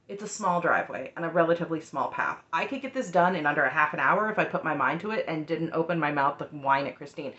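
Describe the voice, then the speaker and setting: A woman's voice: low voice, animated, fast talker, hardly any pauses, fairly bright tone, echoey room, highs cut off. A woman giving an opinionated, sarcastic recap of a reality show in a chatty, heated way. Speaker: recap host.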